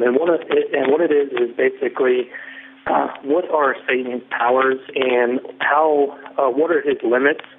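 Hesitant man calling in over a phone. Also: mid-range voice. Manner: hesitant, many fillers. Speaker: caller. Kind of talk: phone-in question. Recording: tinny phone line with faint noise.

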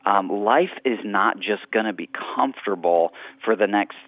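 Radio guest author, thirties, low-voiced and earnest, heard over a phone line. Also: male voice, moderate pace, no room sound. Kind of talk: radio interview talk.

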